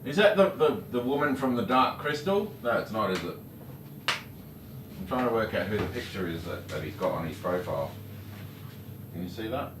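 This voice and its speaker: A man's voice: on the low side, big pitch swings, moderate pace, long pauses. A man co-hosting a casual livestream, greeting viewers by name and teasing his co-host. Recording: echoey room, mic far off, faint noise.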